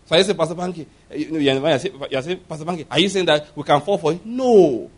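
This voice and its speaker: A pastor preaches in a high-pitched, somewhat husky voice. He is emphatic, laughs often and acts out quick little exchanges as he talks. He presses his points with force. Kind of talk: sermon.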